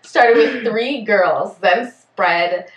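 A woman's voice: medium pitch, very slow, reverberant, distant mic. A woman co-hosting a podcast, chatting casually through a case from her notes with plenty of fillers and self-corrections. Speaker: podcast co-host.

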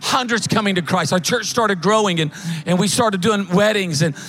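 A middle-aged man, preaching a sermon as a pastor in folksy, animated storytelling with quick asides. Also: high voice, faint music behind.

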